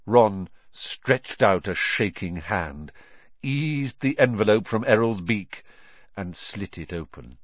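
A man reading a children's novel aloud as audiobook narrator, with expressive storytelling. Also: on the low side, takes it slowly, dry recording. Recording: dry, dull lo-fi recording.

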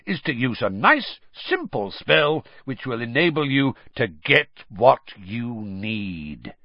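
A man voicing a gruff, suspicious old male wizard who talks in clipped growls, in a muffled lo-fi recording. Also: mid-range voice, big pitch swings, slow, no echo, exaggerated voice.

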